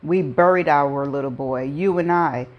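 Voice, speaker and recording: A woman voicing a grieving woman who speaks softly and tenderly, reading from a storybook. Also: low-pitched, a little slow, muffled recording. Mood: sorrowful. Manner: soft, pleading.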